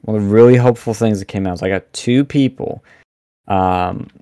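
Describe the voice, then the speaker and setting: A young man talking as a podcast guest, animated and blunt, rambling with lots of fillers over a remote mic. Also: fairly low pitch, a little fast, dry recording, clean studio sound. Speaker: podcast guest, campus event organizer. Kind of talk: casual podcast interview.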